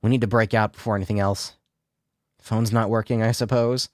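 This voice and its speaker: A man's voice: lowish voice, brisk, no room sound, clean studio sound. A man streaming a game, reading its dialogue aloud and chatting casually, swearing now and then. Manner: casual, swears, reads in lively voices. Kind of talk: let's play commentary with read-aloud dialogue.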